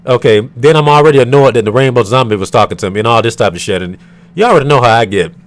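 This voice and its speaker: A man's voice: mid-range voice, racing. A man from the United States telling a storytime rant to his viewers in an irritated, profane, rambling way with many fillers. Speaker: vlogger.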